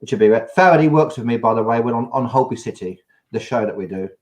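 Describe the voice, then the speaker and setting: A man's voice: medium pitch, expressive, quick pace, darkish tone. A man with an English accent hosting a live video chat in a chatty, jokey way, laughing often. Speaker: show host. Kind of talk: casual live-stream chat.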